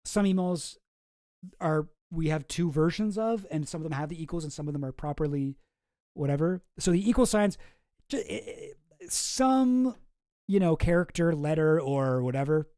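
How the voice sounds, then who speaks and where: A man's voice: on the high side, lively intonation, moderate pace, mellow, no echo, studio quality. A man hosting a live stream, chatting casually and rambling with lots of swearing and restarts. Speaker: streamer host.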